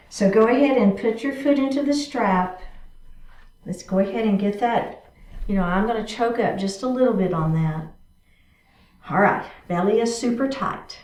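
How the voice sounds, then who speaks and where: A woman's voice: mid-range voice, a little mellow. A woman teaching a chair yoga class, cueing each move step by step and checking in often with her students. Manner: encouraging, cueing moves step by step with frequent check-ins. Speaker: yoga instructor. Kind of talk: guided exercise class instruction. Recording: roomy sound from a distant mic.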